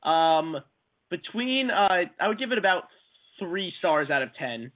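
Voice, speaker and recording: Man, podcast panelist, high voice, wandering analytical takes, tinny line. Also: very animated, a little slow. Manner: rambling, analytical, hesitant fillers. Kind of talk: casual podcast chat. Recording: tinny phone-like audio.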